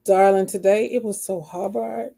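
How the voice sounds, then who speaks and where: A woman's voice: mid-range voice, fairly even intonation, unhurried, creaky, dark tone. A woman playing a flirty, country-sounding woman who coos and sweet-talks her man in an improvised role-play. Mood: sultry, coaxing. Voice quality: country-sounding, sultry coo.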